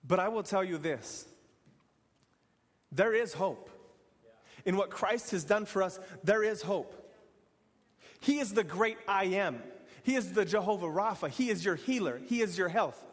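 A man's voice: sits high, animated, a little slow, pauses often, long reverb tail. A man preaching an earnest sermon in repeated, building phrases. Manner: earnest, repetitive, building to exhortation.

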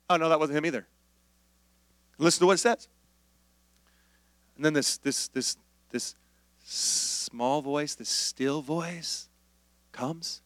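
A male pastor preaching an animated sermon, acting out voices and dropping to near-whispers. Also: on the high side, slow pace, long pauses, no room sound, clean studio sound.

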